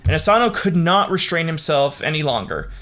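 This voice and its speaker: A man's voice: fairly high pitch, sing-song, a little fast, a bit bright. Irreverent, profane man narrating history. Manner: irreverent, profane, laughs at own jokes. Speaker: podcast host. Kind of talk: casual history podcast narration.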